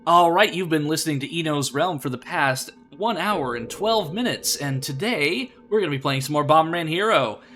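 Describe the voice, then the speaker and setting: A man's voice: fairly high pitch, expressive, normal speed, hardly any pauses, a bit bright, voice pushed up. A young man putting on his old radio DJ voice, announcing like a classic-rock show host. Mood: announcer-bright. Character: male classic-rock radio DJ, upbeat and smooth. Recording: game music behind the voice.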